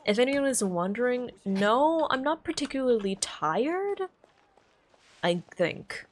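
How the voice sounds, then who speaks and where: A woman streamer in casual live-stream chat, playful and self-mocking, lower in energy than usual. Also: very animated, takes it slowly.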